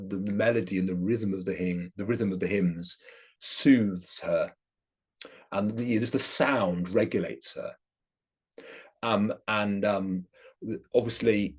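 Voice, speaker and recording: A man's voice: deep voice, darkish tone, husky. A man giving an academic lecture, explaining his subject with enthusiasm.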